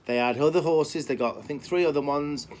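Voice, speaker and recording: A man from Birmingham with a softened Brummie accent, a horse trainer talking casually to camera and often repeating himself with fillers. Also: fairly high pitch, fairly quick. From Birmingham, England. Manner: rambling, repeats words, many fillers. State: limping.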